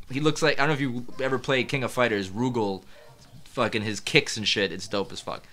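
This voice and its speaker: A man co-hosting a casual podcast chat, animated and swearing, laughing often between lines. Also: fairly low pitch. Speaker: podcast co-host.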